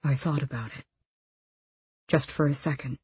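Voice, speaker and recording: A woman doing a stern, low young soldier. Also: expressive, measured pace, breathy edge, no echo, heavily acted. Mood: quiet. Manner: low, quiet, restrained. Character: stern young male soldier, guarded and grave. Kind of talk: audiobook character reading.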